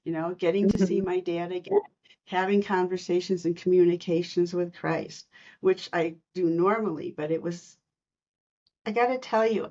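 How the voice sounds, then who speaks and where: A woman telling personal spiritual stories in a podcast interview, earnest and animated, acting out the quotes. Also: on the low side, muffled recording. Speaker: spiritual medium guest.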